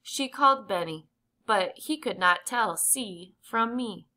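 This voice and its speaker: Bright-voiced woman reading a storybook. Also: a little high, measured pace. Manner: clear, even reading pace with gentle emphasis. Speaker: audiobook reader. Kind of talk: children's storybook narration.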